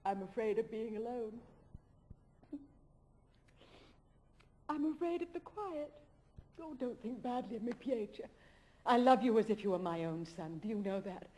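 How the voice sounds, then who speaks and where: An actress playing an emotional middle-aged aristocratic woman in a 1970s stage drama, swinging between tender coaxing and shrill mockery. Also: animated, a little fast, mellow, lightly acted. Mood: tender, pleading.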